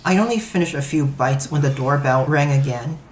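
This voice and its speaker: A man narrating a first-person story in an even, matter-of-fact way. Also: medium pitch, fairly quick, slight background noise. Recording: roomy echo.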